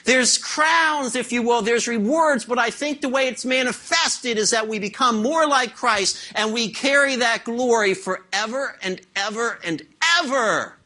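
A man's voice: extremely high pitch, unhurried, hardly any pauses, pushed and bright. A man preaching a sermon as pastor, asking the congregation rhetorical questions.

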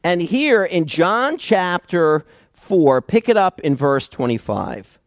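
A man preaching a sermon, slowly and emphatically explaining Bible passages with dramatic pauses. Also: high voice, big pitch swings, no echo. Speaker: pastor.

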